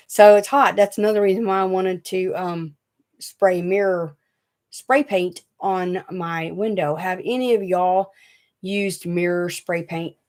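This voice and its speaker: A woman with a Southern US drawl chats loosely to her viewers on a home livestream. Her voice sits a little low, and she rambles from thought to thought with a fidgety, talkative ease. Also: slow, a little mellow. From Tennessee. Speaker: DIY craft channel host. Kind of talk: casual livestream chat. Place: small hot room at home.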